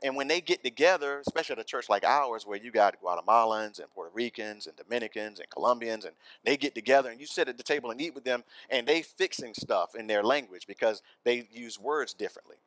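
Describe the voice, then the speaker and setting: A man's voice: mid-range voice, lively intonation, quick pace, few pauses, a bit bright, dry recording. A man preaching a sermon in church, conversational and often asking the congregation questions. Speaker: pastor.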